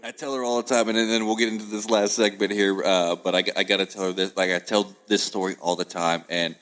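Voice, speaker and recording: Deep-voiced man telling stories. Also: fast. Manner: animated storyteller, acts out family voices. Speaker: podcast host. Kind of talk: casual chat.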